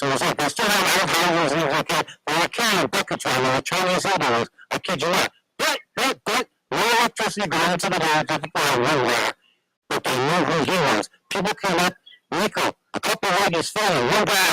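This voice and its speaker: A man's voice: a little high, animated, brisk, noisy background. A man telling long stories as a guest on a radio talk show, rambling with many restarts.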